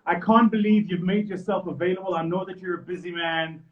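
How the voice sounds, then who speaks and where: A South African man hosting a live video chat, teasing his guest with playful, mock-flattering remarks. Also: high voice, fairly quick. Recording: dull lo-fi live-stream audio.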